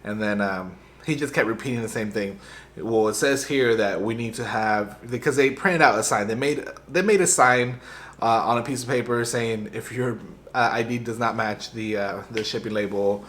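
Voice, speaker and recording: A young man vlogging, retelling a frustrating errand in a rambling, animated way with lots of fillers and restarts. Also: fairly low pitch, moderate pace, slight background noise. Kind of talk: casual storytelling to camera.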